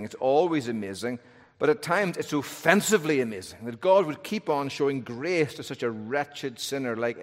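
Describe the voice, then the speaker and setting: Male preacher, medium voice, wry storytelling sermon, church hall echo. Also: mid-range voice. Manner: storytelling with wry humor and shifting emphasis. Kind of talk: expository sermon. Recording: long hall reverb.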